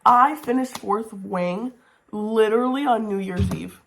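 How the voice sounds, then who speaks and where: A young woman gushes about books straight into her camera at home, excitable and prone to saying everything twice. She swears casually and talks in a chatty vlog style. Her voice sits at an ordinary middle pitch. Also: measured pace, vocal fry, a little hiss or hum. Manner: gushing, excitable, swears casually, repeats herself. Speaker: book vlogger. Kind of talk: casual reading wrap-up vlog. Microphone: camera mic, talking to camera.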